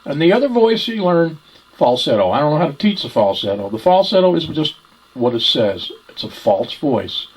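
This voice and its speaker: A man's voice: on the high side, very animated, moderate pace, slightly rough, poor audio. A man teaching ventriloquism in a folksy, repetitive way, demonstrating voice types. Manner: folksy, repeats himself while explaining. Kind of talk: instructional demonstration.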